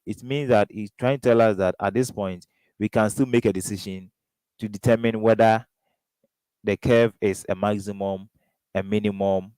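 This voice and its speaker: Brief: Ghanaian male tutor, lowish smooth voice, dry close sound, drills students with prompting questions. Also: darkish tone, no room sound, rough recording. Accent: Ghanaian English. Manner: question-and-answer drilling, keeps asking "what?". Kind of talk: exam revision lesson.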